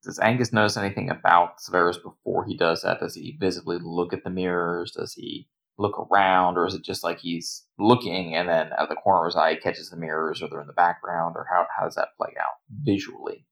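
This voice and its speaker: A man's voice: deep voice, flat delivery, fairly quick, gravelly, few pauses, fairly bright tone, rough recording. A man taking part as a player in a tabletop role-playing game, asking easygoing questions. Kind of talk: casual game talk.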